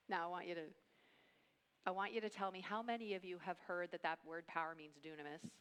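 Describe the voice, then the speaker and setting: A middle-aged woman preaches a sermon at a family camp, animated and conversational, acting out quotes and slipping into hushed asides. Her voice is fairly low, clean-toned and at normal speed, heard in a large hall.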